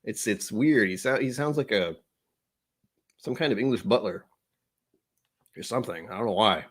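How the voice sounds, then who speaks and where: Male vlogger, casual tasting chat, self-deprecating asides, lively pitch. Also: moderate pace, husky. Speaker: whiskey vlogger.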